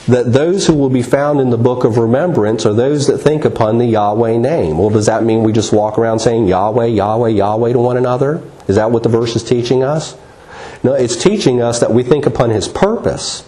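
A man's voice: medium pitch, mellow. A man teaching a Bible class, earnest and explaining verses word by word, often asking rhetorical questions and spelling out words.

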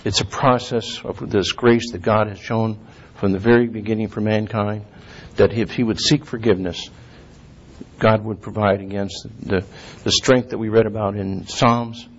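Gravelly, husky man preaching a sermon. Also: on the low side, fairly even intonation. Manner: measured, reads scripture slowly, clears throat often. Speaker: lay preacher. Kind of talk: sermon with scripture reading. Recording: dull lo-fi recording.

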